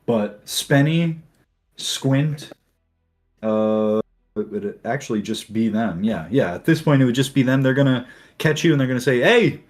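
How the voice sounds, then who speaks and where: A man narrating as game master of a tabletop game, in a relaxed, laid-back way. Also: mid-range voice, normal speed.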